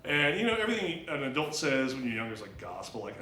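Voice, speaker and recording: A man performs a crude, rambling stand-up set, full of restarts and fillers. His voice is bright and forceful, at a middle pitch. The club room rings around him, with a faint hum of ambience behind. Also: expressive, fast talker, hardly any pauses, reverberant, rough recording. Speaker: stand-up comedian at open mic. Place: small club stage.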